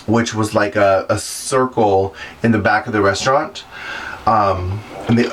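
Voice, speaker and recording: A man's voice: lowish voice, normal speed, fairly bright tone. Drag performer man, sassy storytelling advice vlog, a little distant from the mic, faint room noise. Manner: chatty storytelling, sassy asides. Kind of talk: advice vlog talking to camera.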